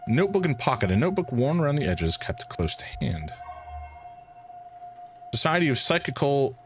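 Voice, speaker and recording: A man's voice: mid-range voice, very animated, moderate pace, soft background music. A man giving casual commentary while playing a mystery game and reading on-screen text aloud. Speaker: game streamer.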